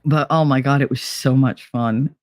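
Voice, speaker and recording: A woman hosting a podcast, telling a bawdy story in a casual, animated, profane way and acting out what others said. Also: extremely low pitch, normal speed, no room sound, clean studio sound. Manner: profane, animated, acts out quoted dialogue. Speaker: podcast host.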